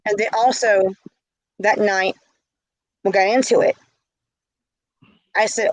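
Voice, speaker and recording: A woman's voice: medium pitch, steady tone, takes it slowly, pauses often, dry recording, low-quality recording. A middle-aged woman telling a story in a casual vlog, heated and indignant. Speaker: vlogger.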